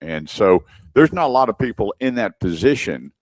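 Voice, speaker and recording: A man's voice: lowish voice, big pitch swings, moderate pace, no echo. A man hosting a car radio show, telling a story in casual chat and acting out the dialogue. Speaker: radio show host, former car salesman.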